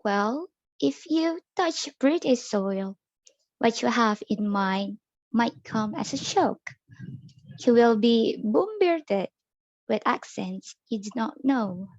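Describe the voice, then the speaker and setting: A young woman student reading an educational narration slowly and carefully. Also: a little high, darkish tone, no room sound, lo-fi sound. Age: young adult. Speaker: student presenter. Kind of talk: read-aloud educational narration.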